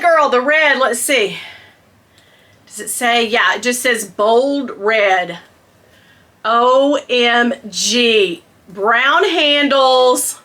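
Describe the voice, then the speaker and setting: A gushing middle-aged woman chatting to her viewers in a bright, ringing voice. She talks slowly, and her pitch leaps all over the place, from squeals to low muttered asides. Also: animated. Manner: drops into whispered asides. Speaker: vlogger. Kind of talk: casual unboxing chat.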